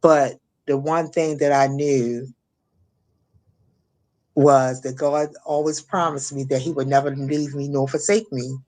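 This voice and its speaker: A middle-aged woman from Maryland giving an emotional personal testimony as an interview guest, halting, repeating words and acting out what others said. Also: extremely low pitch, fairly even intonation, darkish tone. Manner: halting, repeats words, acts out quoted voices. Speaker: guest, shooting survivor.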